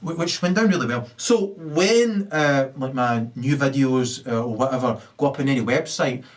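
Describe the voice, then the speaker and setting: A man in a rambling, ranting monologue, full of hesitations and fillers and with sudden loud rises. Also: mid-range voice, moderate pace, recorded from a distance, a little hiss or hum. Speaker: video blogger.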